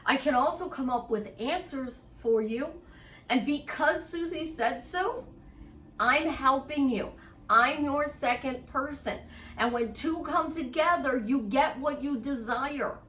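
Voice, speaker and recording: A woman's voice: sits high, slow pace, a bit bright, recorded from a distance. Rambling middle-aged woman coach in echoey room. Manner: chatty, rambling, speaks to the listener directly. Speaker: life coach. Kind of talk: motivational monologue.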